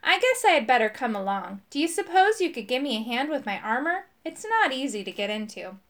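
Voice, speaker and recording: A woman voicing a cheerful, hard-of-hearing old male knight in a storybook, loud and excitable. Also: high voice, fairly quick, exaggerated voice. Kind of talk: storybook character voice.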